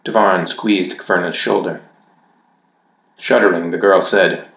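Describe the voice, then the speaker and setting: A man with a fairly low voice reads a fantasy story aloud, measured and even. His voice carries a noticeable roominess, as if read in an echoey space. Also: gravelly. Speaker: audiobook narrator. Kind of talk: fantasy audiobook narration.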